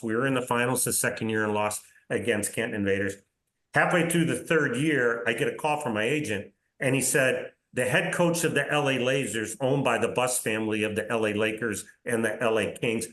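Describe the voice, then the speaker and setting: An older man in his sixties tells career stories as a podcast guest, his voice sitting at an ordinary middle pitch. He talks in animated anecdotes and acts out what others said. A roomy echo hangs around his voice. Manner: animated anecdotes with reported dialogue and tag questions. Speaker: interview guest, soccer league commissioner. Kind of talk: casual storytelling in a podcast interview.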